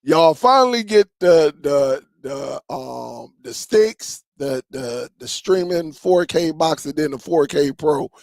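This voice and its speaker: A man's voice: fairly high pitch, lively intonation, slow, vocal fry, few pauses, no echo. A man hosting a casual live stream, reading viewer comments and bantering with loose, laughing slang.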